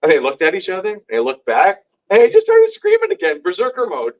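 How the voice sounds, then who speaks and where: A man telling stories to a live audience at a community meeting, lively and acting out what others said. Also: fast talker, muffled recording. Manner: lively, acts out quoted lines with big pitch jumps. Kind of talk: animated storytelling to a live audience. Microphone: hand-held microphone.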